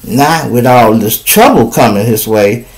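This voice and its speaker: A man's voice: medium pitch, expressive, unhurried, rough recording. A man from Chicago hosting a podcast, giving casual, profane commentary and acting out quoted people in raised voices. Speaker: podcast host.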